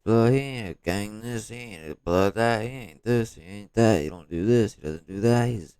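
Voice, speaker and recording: A man's voice: on the low side, normal speed, a little mellow, smooth, dry recording. A man hosting a reaction video, commenting casually in street slang. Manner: casual, street slang, asks questions aloud.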